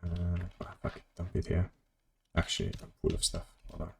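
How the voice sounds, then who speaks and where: A man's voice: sits low, completely flat delivery, a little fast, vocal fry, a little mellow, a little hiss or hum. A man streaming a game from his home office, chatting casually and rambling as he plays, correcting himself and answering chat. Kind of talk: casual gameplay commentary.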